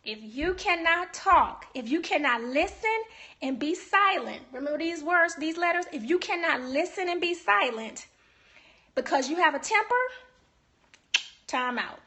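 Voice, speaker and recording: A woman's voice: high voice, unhurried. A woman giving marriage advice in an emphatic, preachy way, talking casually to viewers from a live stream. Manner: emphatic, preachy, animated delivery with rhetorical asides. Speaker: marriage coach. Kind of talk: casual teaching talk to viewers.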